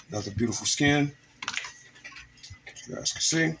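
Guy showing how to skin fish fillets, calm steady how-to talk, bit of faint noise behind. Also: medium pitch, measured pace. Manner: steady step-by-step instruction to viewers. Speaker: fishing show host. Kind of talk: cooking demonstration. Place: home kitchen.

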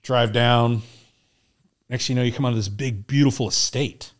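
Animated storytelling man, swears freely. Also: mid-range voice, moderate pace. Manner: animated, acts out dialogue, laughs often, swears. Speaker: podcast guest, Navy SEAL veteran. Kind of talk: casual storytelling interview.

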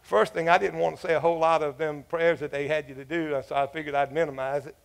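Gravelly high-voiced man preaching. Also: fairly even intonation, quick pace. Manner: chatty, joking storytelling with laughs and asides. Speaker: pastor. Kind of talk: sermon. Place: church.

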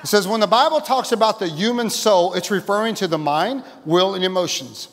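A pastor preaching a sermon in a church, exuberant, laughing and shouting and calling out to the congregation. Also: male voice, sits high, a little fast. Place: church sanctuary. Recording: church hall reverb.

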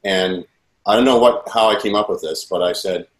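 A man's voice: on the low side, moderate pace. A man as an interview guest, telling a personal story in an earnest, rambling way with frequent restarts. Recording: roomy echo.

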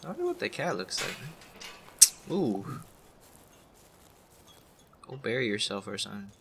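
A man with a fairly low voice talks his way through a horror game as he plays. He mutters to himself and rattles off the same words in quick bursts whenever something startles him. The recording has a clear layer of noise behind him. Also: sing-song. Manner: jumpy, talks to himself, repeats phrases when scared. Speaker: gaming YouTuber. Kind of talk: live gameplay commentary.

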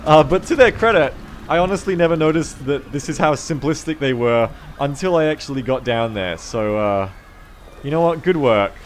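A man giving live gameplay commentary, excitable, swearing often and shouting at the game. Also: a little high, moderate pace, slight background noise. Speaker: game streamer.

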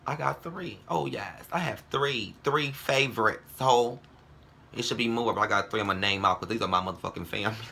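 Brash man ranting profanely, bright voice. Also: on the low side, brisk, creaky, husky. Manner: brash, heated, profane, calls viewers girl and ho. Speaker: vlogger. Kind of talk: profane casual vlog rant.

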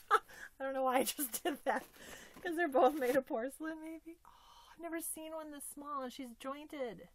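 A woman unboxing gifts in a casual vlog, gushing with excitement and often dropping to a whisper. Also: sits high, normal speed, slight background noise. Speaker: doll collector unboxing gifts.

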